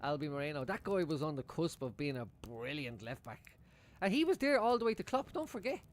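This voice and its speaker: Male football-fan streamer, higher-pitched voice, loose rambling chat full of swearing and laughter. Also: big pitch swings, fairly quick, a little hiss or hum. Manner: rambling, swears freely, chuckles often. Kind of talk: casual live-stream chat.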